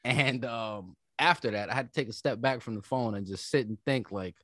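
A man's voice: mid-range voice, a little fast, a bit bright, no room sound, studio quality. A man on a casual podcast telling stories from his day, profane and acting out the people in them. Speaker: podcast co-host. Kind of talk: casual storytelling chat.

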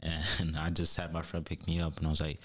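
Very deep-voiced, laid-back, slangy man. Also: monotone, a little fast, a bit bright. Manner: laid-back storyteller, slangy, laughs often. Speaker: podcast guest. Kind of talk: casual podcast chat.

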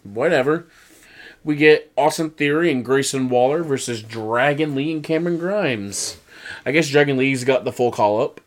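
A man co-hosting a casual wrestling recap, retelling matches and slipping into quick impressions of the wrestlers. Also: medium pitch. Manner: animated, mimics wrestlers in quick put-on voices. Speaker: podcast co-host.

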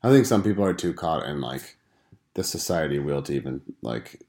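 Low-voiced guy in his 30s, calm blunt chat, casual podcast talk. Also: normal speed, creaky. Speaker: podcast co-host, parent.

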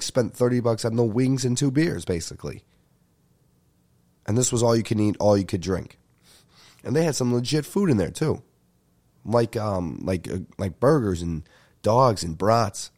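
A young man, telling a comic story as a podcast host in an animated, profane rant. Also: lowish voice. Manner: animated ranting with frequent profanity. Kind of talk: ranting comedic storytelling.

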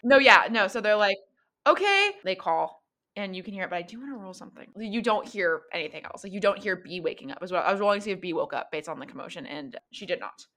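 A woman's voice: mid-range voice, fairly bright tone. A woman narrating as game master of a tabletop role-playing game, chatty and full of fillers. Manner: quick, chatty, lots of fillers.

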